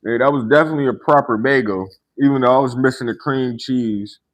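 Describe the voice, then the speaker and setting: A man's voice: mid-range voice, fairly quick. A man hosting a casual livestream, talking to chat in a laid-back way, laughing often and tagging sentences with "right?". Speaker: livestream host chatting with viewers. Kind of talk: casual live-stream chat.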